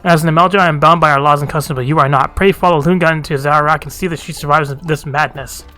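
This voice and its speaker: A man's voice: a little high, fairly even intonation, quick pace, sharp tone, soft background music. A man voicing a solemn, honor-bound lizard warrior ally who pleads in a formal way.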